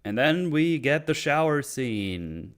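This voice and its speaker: A man's voice: on the high side, big pitch swings, takes it slowly, clear, resonant tone. A man hosting a casual movie discussion podcast, retelling scenes with acted-out quotes and swearing. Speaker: podcast host.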